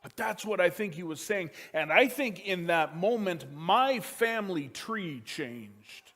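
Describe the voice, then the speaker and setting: A man who is a pastor, preaching a sermon that moves from loud emphasis down to hushed, quiet lines as he tells a family story. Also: high-pitched, animated, unhurried.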